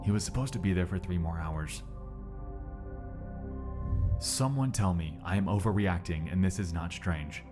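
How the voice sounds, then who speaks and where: A man reading a story aloud in a steady, measured narration. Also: sits low. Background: music.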